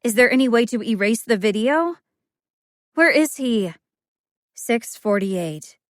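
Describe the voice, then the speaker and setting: A woman's voice: a little high, animated, unhurried, no echo, clean studio sound. A woman reading a first-person thriller audiobook as an anxious, brooding inner monologue. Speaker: audiobook narrator.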